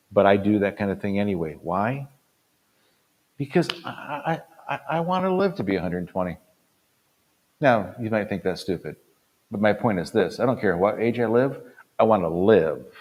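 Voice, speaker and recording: A man around sixty, a pastor giving an earnest talk to other pastors, stressing points by repeating them and swinging between loud punches and quiet drops. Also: low-pitched. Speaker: pastor and conference speaker.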